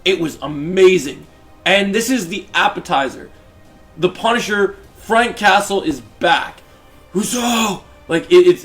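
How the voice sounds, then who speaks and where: Brief: male show reviewer, excited and rambling, a touch high-pitched. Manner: enthusiastic, rambling. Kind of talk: casual episode review.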